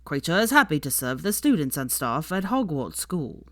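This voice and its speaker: A woman voicing a croaky, servile old male house elf in a storybook reading. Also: low-pitched, big pitch swings, normal speed, dry recording, studio quality. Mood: fawning. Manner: servile, speaks of himself in third person.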